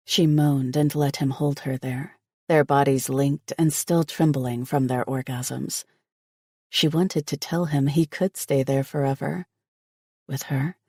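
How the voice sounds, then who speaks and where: Slow, steady male audiobook narrator. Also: on the high side, breathy edge, no echo, studio quality. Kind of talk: scripted narration.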